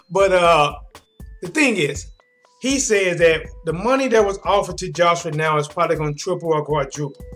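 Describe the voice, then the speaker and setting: A man reacting live to a sports interview, talking straight to his audience with lots of emphasis. His voice sits fairly high, and faint music runs beneath him. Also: moderate pace. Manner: animated, emphatic, talks straight to viewers. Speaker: sports commentary host.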